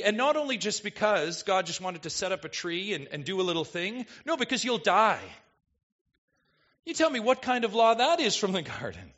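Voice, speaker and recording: Pastor, male, lively sermon delivery full of rhetorical questions, bright voice, slightly muffled recording. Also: high voice, a little fast. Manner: animated preaching, rhetorical questions, swings between soft and emphatic.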